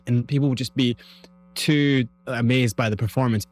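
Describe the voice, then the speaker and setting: A Scottish man, a guest in an interview, telling his story in a lively, vivid way. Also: medium pitch, fairly quick. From Scotland.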